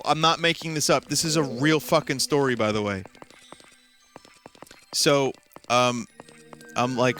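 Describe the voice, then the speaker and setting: A man's voice: mid-range voice, fairly even intonation, moderate pace, long pauses, a bit bright, faint music behind. A man streaming a video game, casually telling a long story with lots of fillers, restarts and amused asides.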